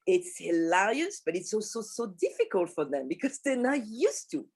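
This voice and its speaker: Animated French woman telling stories. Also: medium pitch, moderate pace, slightly rough. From France. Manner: animated, laughs often, swears freely. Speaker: pastry shop manager and teacher. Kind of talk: casual personal storytelling.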